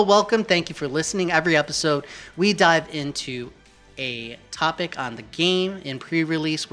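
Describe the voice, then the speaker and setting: A man's voice: a little high, pushed and bright. A man hosting a gaming podcast, opening with playful hype-building announcer flair, then chatting casually. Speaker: podcast host.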